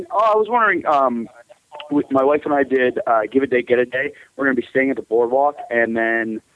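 A man's voice: medium pitch, moderate pace, no room sound. Polite man on a tinny phone line. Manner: hesitant, polite. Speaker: caller. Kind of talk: phone call into a show.

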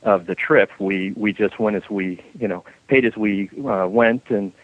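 Male radio caller from Michigan, rambling and hesitant, fairly low voice, tinny phone line. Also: fairly even intonation, normal speed, no echo. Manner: rambling, hesitant, many fillers. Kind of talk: phoned-in tip on a radio show.

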